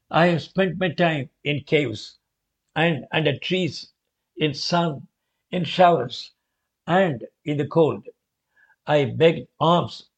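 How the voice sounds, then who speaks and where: Man reading as gentle elderly sage, very slow and measured, slightly high, dull lo-fi sound. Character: revered elderly male sage, calm and gentle. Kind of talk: reading a devotional memoir aloud. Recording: dull lo-fi recording.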